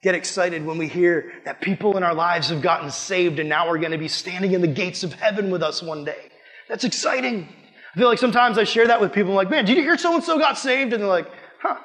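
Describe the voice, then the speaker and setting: A young male pastor with a high, bright-pitched voice preaches with passion and a casual, conversational way of talking. He drops into quoted asides as he speaks. His voice rings with the long reverb of a large hall. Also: a little fast. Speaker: youth pastor. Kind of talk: sermon.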